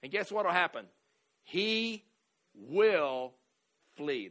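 A man with a Southern American accent preaching with a high, bright voice. He drives his points home in an emphatic, rhythmic call-and-response style, and the congregation is invited to answer back. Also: animated, slow pace. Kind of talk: sermon.

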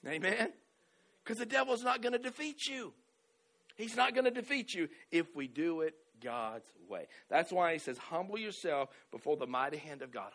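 High, bright-voiced emphatic Southern preacher. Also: male voice. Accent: Southern American. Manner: emphatic, rhythmic call-and-response preaching. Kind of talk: sermon.

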